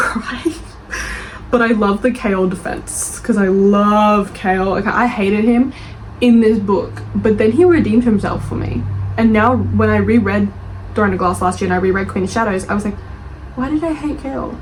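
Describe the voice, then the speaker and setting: A woman's voice: medium pitch, poor audio. Young woman ranting about books, gushy and defensive, faint hiss behind. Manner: animated, gushing, defensive, laughs often. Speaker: book vlogger reading reviews. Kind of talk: casual reaction chat.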